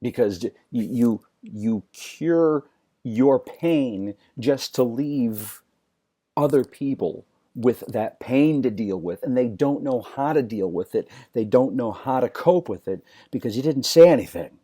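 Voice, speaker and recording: Blunt, swearing man with a dark voice. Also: mid-range voice, lively intonation, husky. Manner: raw, blunt, swears freely, halting restarts. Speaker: motivational speaker. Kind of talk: personal motivational talk.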